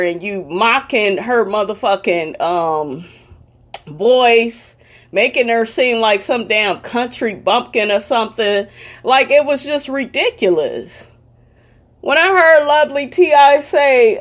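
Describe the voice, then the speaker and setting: A woman's voice: on the high side, a little slow. A woman giving a heated, profane commentary rant, sassy and blunt, cursing freely. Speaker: commentary vlogger.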